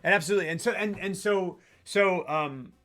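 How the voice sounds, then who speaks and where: A man hosting a casual film chat, retelling plots in a rambling, animated way and laughing often. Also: high-pitched, a little fast. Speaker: podcast host.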